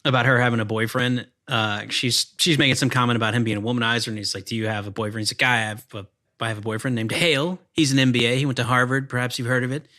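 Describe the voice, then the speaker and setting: A man's voice: medium pitch, steady tone, fast talker, few pauses, sharp tone. A man from Louisiana co-hosting a casual movie podcast, talking with enthusiasm and joking around. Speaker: podcast co-host.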